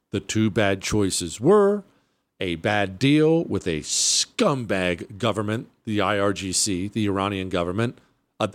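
A man hosting a talk radio show, speaking bluntly with a sarcastic edge. His pitch swings widely as he leans on repeated words for emphasis. The studio sound is dry and close, with no room around him. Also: dry recording. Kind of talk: opinionated radio monologue.

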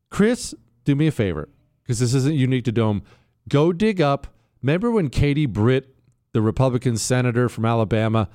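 Male host, sarcastic and animated, lively pitch, dry studio voice. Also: no room sound. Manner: sarcastic, animated, addresses producer on air. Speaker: talk show host. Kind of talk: opinionated radio-style commentary.

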